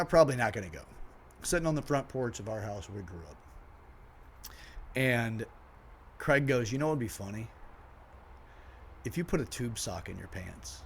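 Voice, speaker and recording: A man in his forties, a podcast host, telling a personal story in an animated way, acting out what people said and laughing at himself. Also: medium pitch, slight background noise.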